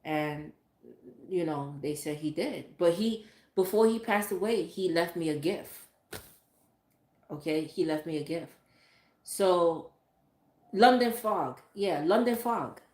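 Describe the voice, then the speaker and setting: A woman's voice: fairly low pitch, lively intonation, slow, long pauses, darkish tone. A woman talking in a casual, candid way, rambling and swearing freely, with lots of fillers like "like" and "um". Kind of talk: casual chat. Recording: echoey room.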